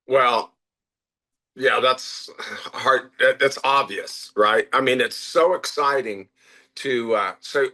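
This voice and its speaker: A middle-aged man, a restaurant owner and interview guest, telling lively anecdotes full of quoted voices and frequent "uh" fillers. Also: medium pitch, slow. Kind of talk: conversational interview storytelling.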